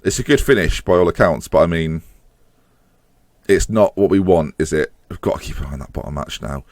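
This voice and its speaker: A man excitedly narrates live as he plays a football management game, groaning and cursing at the match while his pitch rises whenever a chance draws near. This let's-play commentary is recorded crisply and dry, with studio quality.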